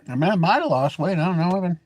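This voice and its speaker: A middle-aged man hosts a live stream, speaking fast in a high-pitched voice with lively intonation and no echo. His rambling chat is loose, folksy, and full of opinionated ranting.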